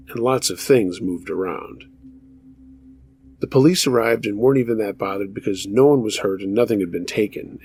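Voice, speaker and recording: Man, horror story narration, gravelly, husky, low voice, measured and steady. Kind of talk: scripted narration of true scary stories.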